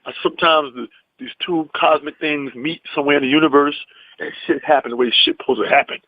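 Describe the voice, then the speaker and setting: A comedian telling a story in a lively, emphatic way, acting out the people in it. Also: male voice, on the high side, quick pace, phone-quality sound. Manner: lively, emphatic, acts out the people in his stories. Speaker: comedian and actor guest. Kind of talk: animated storytelling.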